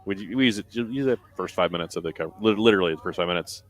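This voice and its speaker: Male live race commentator, somewhat low voice, relaxed chatty delivery. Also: racing. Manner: chatty, reads out standings and viewer comments. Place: commentary booth at an outdoor race event.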